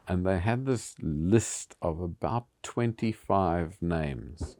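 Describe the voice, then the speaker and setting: Older guy telling old theatre stories, deep voice, dry close sound, chuckles a lot. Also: very animated, a little slow, hardly any pauses, darkish tone, dry recording. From South Africa. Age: 70s. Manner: anecdotal, chuckles often between phrases. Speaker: theatre founder being interviewed. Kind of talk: reminiscing storytelling.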